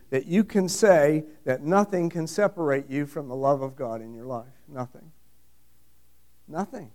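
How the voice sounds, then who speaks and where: A man's voice: fairly high pitch, darkish tone. A middle-aged man preaching a sermon, emphatic and repetitive, asking the congregation questions. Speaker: pastor.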